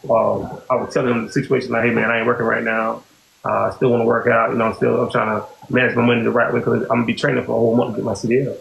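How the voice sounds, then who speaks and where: In an echoey room with faint hiss, a man hosting a podcast recounts a personal story, rapid-fire and rambling, repeatedly circling back to "you know what I'm saying." His voice is medium-pitched, creaky, and fairly bright, with little pitch movement.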